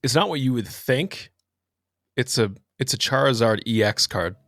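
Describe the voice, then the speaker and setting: A young man co-hosting a comedy podcast, joking in a deadpan way that sinks to a mumble on punchlines. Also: medium pitch, normal speed, no room sound, studio quality. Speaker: podcast co-host. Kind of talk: casual comedic banter.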